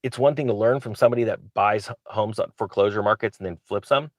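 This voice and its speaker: A low-pitched man talks to camera like a channel host, eager and rambling, often stopping to restart his sentences. The sound is close and dry, with no room echo. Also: quick pace. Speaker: real estate investor and channel host. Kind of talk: casual talk to camera.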